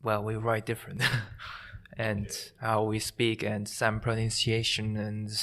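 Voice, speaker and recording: Male guest, Korean native speaker, lowish flat delivery, nervous, halting answers. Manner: hesitant, halting second-language speech. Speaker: course participant, guest. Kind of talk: casual interview.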